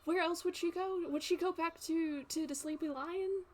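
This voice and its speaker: A woman playing in a tabletop role-play, lively and quick to laugh. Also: very high voice. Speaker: player.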